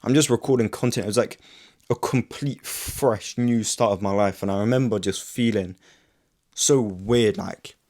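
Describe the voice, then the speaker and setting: A man's voice: fairly low pitch, fairly even intonation, measured pace, darkish tone. A young man telling a story to camera in a rambling, sweary, casual way, full of "like". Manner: rambling, sweary, filler-heavy with lots of "like". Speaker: vlogger. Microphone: camera mic.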